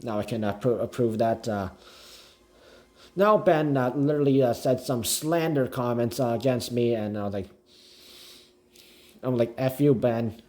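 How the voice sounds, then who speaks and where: A man explaining himself haltingly in a clip, with constant fillers and restarts. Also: mid-range voice, a little mellow. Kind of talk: recorded video narration.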